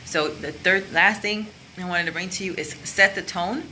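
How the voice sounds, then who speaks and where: A woman's voice: on the low side, moderate pace, pushed and bright, slight background noise, low-quality recording. A woman coach giving a casual, chatty lesson to camera and showing the points with her own voice. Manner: open, chatty, demonstrates with her voice. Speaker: career and sales coach.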